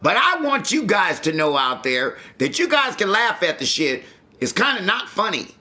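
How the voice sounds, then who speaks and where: A man's voice: high voice, big pitch swings, normal speed, sharp tone. A man streaming live, chatting casually and ranting with lots of swearing. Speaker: livestreamer. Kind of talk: casual livestream chat.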